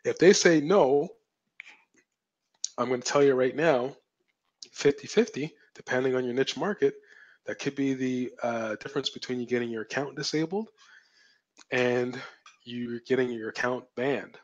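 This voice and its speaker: A man's voice: mid-range voice, normal speed, long pauses, muffled recording. A man teaching a live webinar as a marketing coach, emphatic and repetitive, asking rhetorical questions, his voice wearing out. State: losing his voice.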